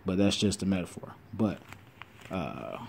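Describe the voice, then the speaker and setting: Excitable man teaching scripture. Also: low voice, gravelly, slight background noise. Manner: reads verses slowly then explains them excitedly, with asides and self-corrections. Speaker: bible teacher. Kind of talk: informal scripture teaching video.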